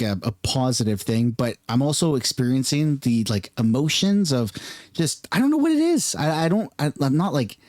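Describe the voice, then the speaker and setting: A man's voice: medium pitch, a little mellow, no room sound. A man in his thirties from Canada, speaking in a chatty, earnest, openly emotional vlog commentary. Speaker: YouTube commentator.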